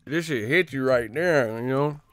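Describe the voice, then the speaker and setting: A man's voice: mid-range voice, a little slow, fairly bright tone, dry recording, faint music behind. A man hosting a boxing livestream, cursing, joking and laughing often in casual banter.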